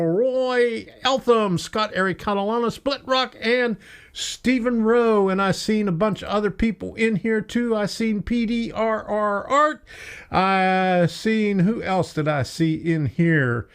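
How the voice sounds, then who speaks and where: A man's voice: high voice, clear, resonant tone. An older man hosting a live stream, greeting viewers by name in a chatty, folksy way. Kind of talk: casual live stream chat.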